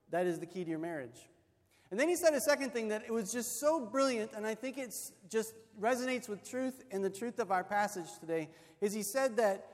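Man, pastor, sermon, high voice, emphatic storytelling, long hall reverb.

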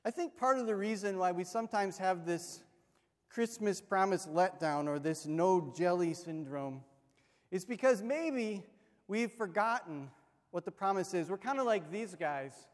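A high-voiced male pastor gives a story-driven sermon. He acts out the people in his anecdote with animated delivery. The sound carries a long reverb from a large church hall. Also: unhurried.

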